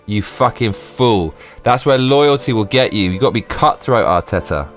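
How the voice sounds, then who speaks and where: A man live streaming, ranting and swearing in excited bursts. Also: medium pitch, moderate pace, soft background music. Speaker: livestreamer.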